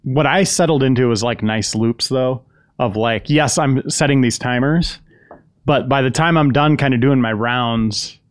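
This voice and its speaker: Relaxed man on a dry mic. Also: medium pitch, a little slow, smooth, dry recording. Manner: relaxed, hesitant, many fillers. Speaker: podcast co-host. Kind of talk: casual podcast chat.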